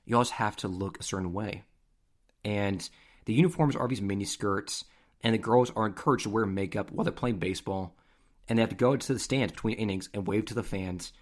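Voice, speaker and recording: Lower-voiced man telling stories on a podcast. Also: brisk. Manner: animated, conversational, acts out scenes. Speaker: podcast host. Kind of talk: casual storytelling.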